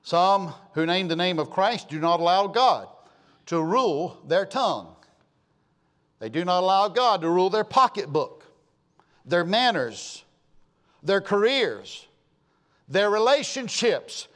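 A man's voice: high-pitched, very animated, measured pace, long pauses, a bit bright. A man preaching a sermon, emphatic and fond of repeating his key phrases. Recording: long hall reverb.

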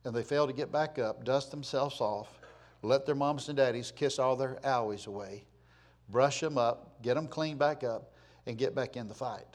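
A man preaching a sermon, reading scripture loudly and with emphasis, then dropping to quiet, plainspoken asides. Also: medium pitch, moderate pace.

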